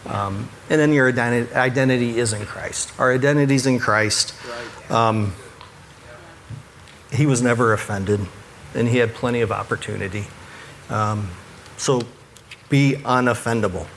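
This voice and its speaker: Guy who works with churches talking faith advice, earnest and easygoing, pokes fun at himself, average pitch, a bit of faint noise behind. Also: a bit bright. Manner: earnest, self-deprecating, chuckles at his own stories. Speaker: church ministry worker.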